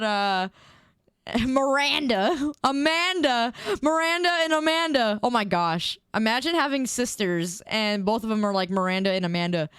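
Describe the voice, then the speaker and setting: A woman's voice: medium pitch, clean tone, dry recording, studio quality. A young woman streamer in casual chat, reading viewer messages aloud and giggling often.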